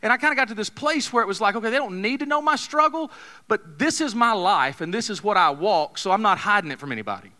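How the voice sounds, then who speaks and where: A man's voice: high voice, expressive, quick pace, bright, forceful tone. A man, preaching a sermon in a folksy, joking, conversational way, telling a story to his congregation. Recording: long hall reverb.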